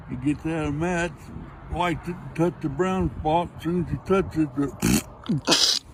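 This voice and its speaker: A man's voice: a little high, slight background noise, poor audio. An older man telling dirty jokes in a folksy, rambling way. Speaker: joke teller.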